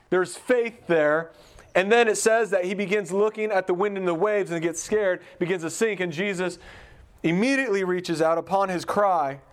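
A man's voice: high voice, fairly bright tone. A man giving an informal Bible teaching in a conversational way, asking his listeners questions as he goes. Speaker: pastor.

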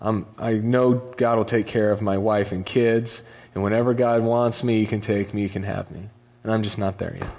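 A man's voice: lowish voice, steady tone, moderate pace, vocal fry, darkish tone. A young adult man giving a casual sermon as a pastor, retelling scripture in a conversational way with slangy paraphrased dialogue.

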